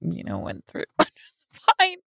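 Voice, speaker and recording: A woman's voice: slow, dry recording, studio quality. A woman co-hosting a podcast in casual chat, hungover, emotional and often whispering. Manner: soft-spoken, often dropping to a whisper. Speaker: podcast co-host.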